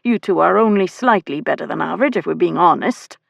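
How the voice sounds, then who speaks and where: A woman's voice: on the low side, lively intonation, a little fast, gravelly, no echo, studio quality, exaggerated voice. A woman voicing a brash, teasing young nobleman in an audiobook, mocking and boastful. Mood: indignant. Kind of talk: audiobook character voice.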